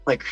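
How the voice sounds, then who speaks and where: A man's voice: bright, forceful tone, dull audio. A man co-hosting a livestream in a casual, playful, joking manner. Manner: playful, jokey, quick tangents. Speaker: co-host of a livestream.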